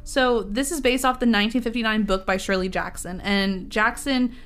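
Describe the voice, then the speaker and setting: A woman's voice: fairly high pitch, normal speed, faint music behind. A woman hosting a casual chat, telling stories animatedly with lots of fillers. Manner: animated storyteller, many fillers.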